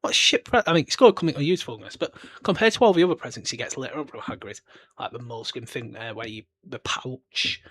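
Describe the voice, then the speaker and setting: This podcast host is a British man in his twenties with a husky, medium-pitched voice, a fairly bright tone, and a quick pace. He rambles casually through a book discussion, chatting loosely and swearing offhand.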